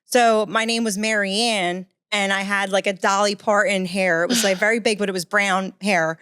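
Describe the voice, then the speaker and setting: A woman's voice: medium pitch, fairly even intonation, normal speed, a bit bright, clean tone, dry recording, clean studio sound. A woman, a comedian guest telling stories in casual podcast chat. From Philadelphia. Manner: chatty storyteller.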